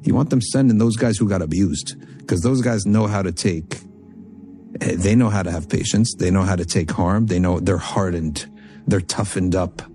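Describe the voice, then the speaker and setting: Animated male religious teacher. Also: low voice, normal speed, soft background music. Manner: animated, quotes Arabic texts then explains in English; emphatic, repeats phrases for stress. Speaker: Islamic teacher. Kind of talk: religious lecture with storytelling.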